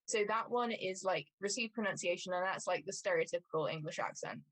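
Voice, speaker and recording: A woman's voice: fairly low pitch, brisk, fairly bright tone, dry recording. A woman explaining things in casual livestream chat, with many fillers. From Scotland. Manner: explanatory, lots of "like" and "um". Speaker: cosplay livestream co-host.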